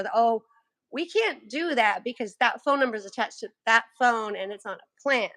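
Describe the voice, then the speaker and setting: A woman's voice: fairly high pitch, normal speed, dry recording. A woman chatting casually and telling a story, often laughing, and losing her voice. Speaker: livestream co-host. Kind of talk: casual chat.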